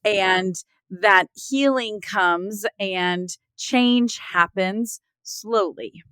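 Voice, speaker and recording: A woman's voice: medium pitch, very slow, bright, forceful tone, clear, resonant tone, no room sound. A middle-aged woman, a guest author in a podcast interview, speaking in an earnest, heartfelt way with many "like"s and "right?"s.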